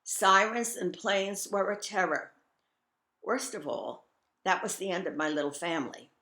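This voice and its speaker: Older woman reading her memoir, bright tone. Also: mid-range voice, a little slow, reverberant. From Scotland. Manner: reflective, with wry humor. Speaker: memoir reader. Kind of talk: reading a personal memoir aloud.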